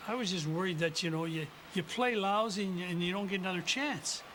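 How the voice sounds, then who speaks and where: Plain-spoken man with a higher voice. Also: a little fast, bright, forceful tone, a little hiss or hum. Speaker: interviewee, former player. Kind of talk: interview.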